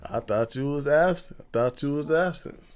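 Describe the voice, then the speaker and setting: A man's voice: fairly high pitch, normal speed, crowd noise. A man hosting a podcast, opening the episode in slangy, upbeat casual chat. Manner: hypes the show, slangy and upbeat. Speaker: podcast host.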